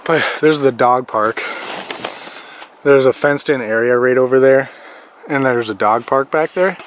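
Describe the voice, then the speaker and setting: A young man records a casual vlog on a handheld phone while hiking a snowy trail, his voice at an ordinary middle pitch. He rambles with filler words and sounds a bit winded from the cold. Clear wind and handling noise sit over the phone recording. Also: a little slow. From Minnesota. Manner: rambling, filler-heavy talk with many 'like's. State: out of breath in the cold. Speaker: vlogger. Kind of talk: casual vlog walking outdoors. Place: outdoors in deep snow by a river.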